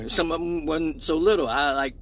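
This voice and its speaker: A man's voice: a little high, lively intonation, a little slow, gravelly, fairly bright tone, a little hiss or hum, rough recording. A man hosting a crude comedic live stream at home, joking in a mock-serious preaching way. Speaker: live show host.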